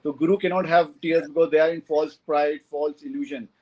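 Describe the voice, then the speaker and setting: A man's voice: fairly high pitch, steady tone, fairly quick, lo-fi sound. A man speaking as a disciple to his teacher, deferential, repeating an honorific, with broken grammar. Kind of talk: reverent thanks and comment to the teacher.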